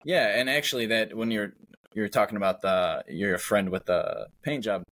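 Low-voiced man telling a shop story. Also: moderate pace, fairly bright tone. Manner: storytelling, acts out customers, laughs easily. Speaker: guest, body shop worker. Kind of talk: casual interview chat.

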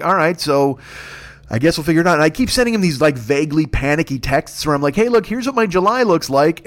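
A man in his fifties rattles through a rambling comic story at a quick clip, swearing freely and slipping into the voices of the people he quotes. His voice sits a little high for a man, and he gets excitable as the story builds. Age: 50s. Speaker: podcast host. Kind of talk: solo comedic storytelling.

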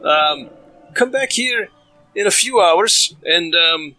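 A man's voice: high voice, expressive, slow pace, sharp tone, soft background music, pitched above the performer's own voice, heavily acted, rough recording. A man voicing a friendly, eager male halfling performer who talks in a chatty, slightly flustered way.

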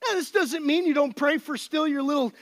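A male pastor giving a conversational, animated sermon to his congregation. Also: very high voice, fairly quick.

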